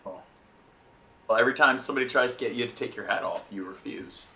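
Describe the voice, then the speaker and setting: An American man hosting a casual stream podcast, trading sardonic deadpan jokes. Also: medium pitch, moderate pace. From United States. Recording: roomy echo.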